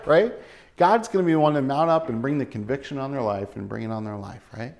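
A man preaching a sermon in a casual, joking way, acting out quotes and dropping to a soft, low voice on key points. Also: lively intonation, fast. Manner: conversational preaching with jokes and acted-out quotes. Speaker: pastor.

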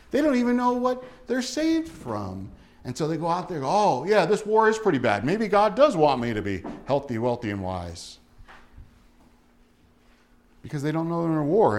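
Animated preaching man in his forties. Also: sits high. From New Jersey. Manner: animated storytelling with acted-out quotes. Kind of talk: sermon.

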